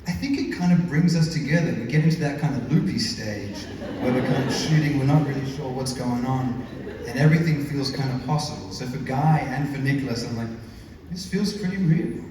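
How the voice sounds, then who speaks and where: A man's voice: medium pitch, animated, a little fast, far from the mic, a crowd in the background. A male actor chatting on a convention panel about long night shoots. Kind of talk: panel talk. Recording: echoey convention hall with noise.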